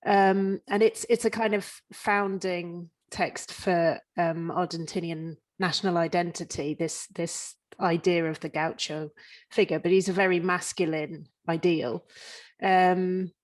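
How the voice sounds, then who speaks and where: A woman academic explains literary history at an unhurried, slow pace. Her voice sits fairly low. She talks in a measured, explanatory way with fillers. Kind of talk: conversational interview answer.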